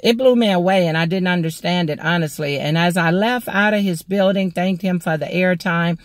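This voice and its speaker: A woman from Mississippi, a motivational speaker and ordained minister, telling a personal testimony in a slow, deliberate way. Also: fairly low pitch, dry recording.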